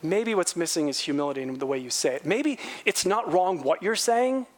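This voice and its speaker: Speaking fairly quickly, a middle-aged man delivers a sermon as pastor. He performs quotations with a raised voice and sinks into a quiet, low tone when making sincere points, staying animated throughout.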